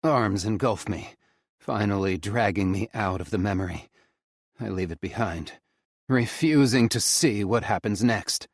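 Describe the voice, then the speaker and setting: A man narrates a first-person audiobook in a grave, measured manner. His voice sits very low and he takes his time over each phrase. The close studio sound is dry, with no room around it. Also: dry recording.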